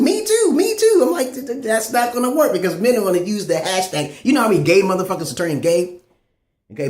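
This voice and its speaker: A man delivering a profane, rambling monologue as a channel host, swinging between loud high bursts and low mutters. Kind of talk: ranting monologue. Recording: echoey room.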